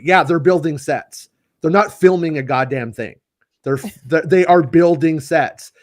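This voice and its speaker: A man's voice: a little high, unhurried. A man co-hosting a casual podcast, ranting with exasperation and plenty of swearing. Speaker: podcast co-host.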